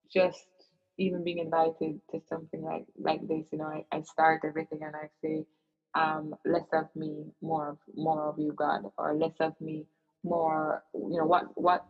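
Speaking low, with a creaky and slightly rough voice, a woman recounts something personal during a relaxed interview chat. She sounds earnest and thoughtful, often using fillers and starting over. The audio has a dull, lo-fi quality.

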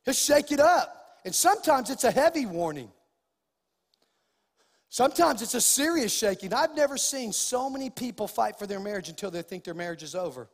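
A middle-aged man preaching a sermon as pastor, acting out lively bits of dialogue as he goes. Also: very high-pitched, normal speed, long reverb tail. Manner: preaching with acted-out dialogue and rising emphasis.

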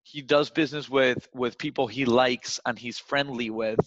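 A man's voice: mid-range voice, fairly even intonation, moderate pace, fairly bright tone, dry recording. A man giving casual sales advice, loose and chatty, tagging his points with "right?". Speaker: sales coach. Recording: dull, dry recording.

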